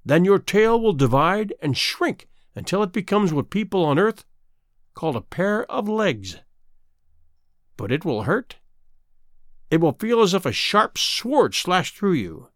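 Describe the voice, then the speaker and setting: A man's voice: sits high, no room sound, studio quality. A man voicing a cruel, mocking old female sea witch in a storybook reading, with a gloating, menacing delivery.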